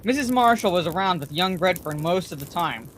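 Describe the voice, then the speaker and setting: A woman voicing a cautious, reserved husband who speaks with a slow drawl, in a bedtime story reading. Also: fairly low pitch, expressive, a little hiss or hum, close to an everyday voice. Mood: meek.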